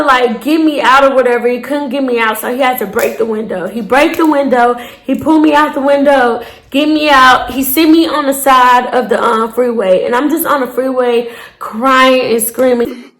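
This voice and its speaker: A young woman, telling a dramatic storytime to her viewers with shouted bursts and cursing. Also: high-pitched, fairly even intonation, normal speed. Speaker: storytime vlogger. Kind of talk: casual storytelling to camera.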